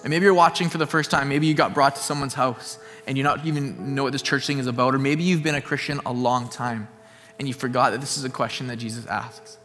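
A man's voice: medium pitch, steady tone, fast talker, a bit bright, big-room sound, faint music behind. A man preaching a sermon as a pastor, earnest and repeating his points for emphasis.

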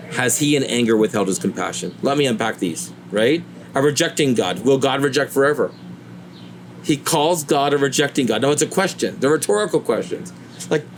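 An earnest male preacher delivering a sermon at a medium pitch. When he voices pleading questions to God, his voice climbs higher. A faint hiss sits under the recording.

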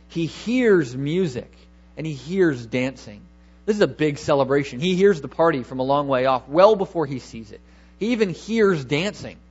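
A man's voice: fairly high pitch, breathy edge, lo-fi sound. A man preaching a sermon, emphatic, repeating key words and asking rhetorical questions.

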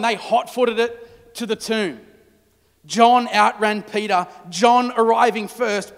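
A man preaching a storytelling sermon, dramatic, dropping to hushed tones at key moments. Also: sits high, big-room sound. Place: church.

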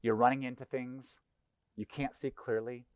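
A middle-aged man preaching a sermon in a conversational, animated way, acting out little voices. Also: medium pitch, normal speed, no echo, studio quality. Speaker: pastor. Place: church.

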